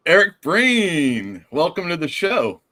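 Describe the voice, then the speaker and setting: A man's voice: on the high side, big pitch swings, takes it slowly, pushed and bright. A man hosting a casual live stream, telling a story and acting out the people in it. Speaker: host.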